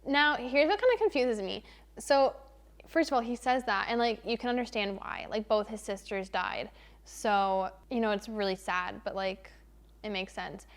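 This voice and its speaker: A young woman vlogger chatting casually through a book review, animated and exasperated, leaning hard on "literally" and "like.". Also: mid-range voice, normal speed. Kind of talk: casual spoiler-free book review chat.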